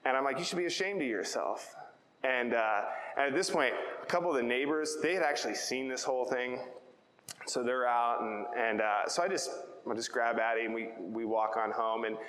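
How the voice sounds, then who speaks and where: A man's voice: medium pitch, steady tone, a little fast, fairly bright tone, reverberant, in a large hall, a little hiss or hum, low-quality recording. A man preaching a sermon, telling a personal story in a chatty way and often asking "right?". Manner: conversational storytelling, repeats words, asks "right?". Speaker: pastor.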